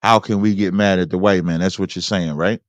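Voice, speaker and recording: A man hosting a debate who reads scripture aloud in a preacherly way, slowing down for the verses. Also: deep voice, steady tone, dry recording, highs cut off. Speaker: host.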